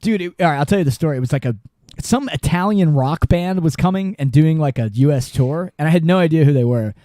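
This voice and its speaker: A man's voice: a little high, animated, fast talker, warm tone, no echo, clean studio sound. A man hosting a podcast in casual chat, laid-back, laughing often and telling stories. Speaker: podcast host.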